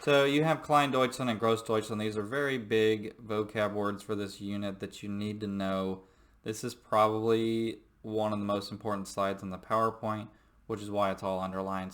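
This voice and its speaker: Male history teacher, lower voice, loose and jokey lecture delivery with lots of fillers. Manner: jokey, rambling, many fillers. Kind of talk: recorded classroom lecture.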